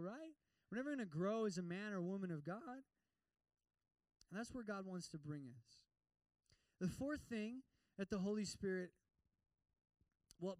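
A man preaching a sermon in an animated way, repeating words as he goes and acting out prayers. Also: sits high, no room sound, distant mic, low-quality recording. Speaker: pastor.

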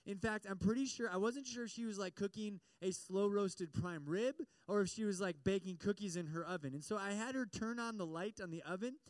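High, clear-voiced young man preaching. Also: a little fast, hardly any pauses, no echo. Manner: chatty and animated, many fillers, asks the audience questions. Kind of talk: sermon with personal story.

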